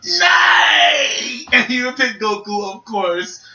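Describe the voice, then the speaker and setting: Young male podcaster, lively storyteller doing voices, sharp bright tone, roomy distant sound. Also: high voice, normal speed, highs cut off, a faint crowd. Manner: animated storyteller, acts out voices and shouts. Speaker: podcast co-host. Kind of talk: casual gaming podcast chat. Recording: echoey room, mic at a distance.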